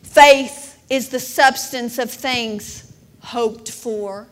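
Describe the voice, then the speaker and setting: A middle-aged woman preaching a sermon, emotional and building to emphatic, drawn-out declarations. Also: fairly high pitch, steady tone.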